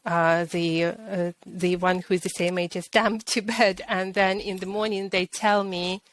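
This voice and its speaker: A woman's voice: fairly low pitch, flat delivery, unhurried. A woman hosting an interview over a video call, enthusiastic and giggly, with frequent ums. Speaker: interview host, parent. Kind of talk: friendly conversational interview.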